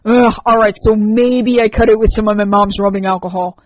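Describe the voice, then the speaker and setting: A woman reading an audiobook, voicing a brash teenage boy who is excited, crude and loud. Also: mid-range voice, fairly quick, dry recording, natural voice. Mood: defensive.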